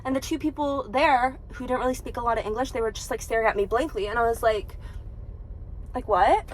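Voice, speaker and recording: A woman's voice: fairly high pitch, a little fast, a little hiss or hum. A woman in her twenties talking casually in a vlog, chatty and full of "like", acting out what people said. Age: 20s. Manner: chatty, lots of "like", acts out quotes. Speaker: vlogger.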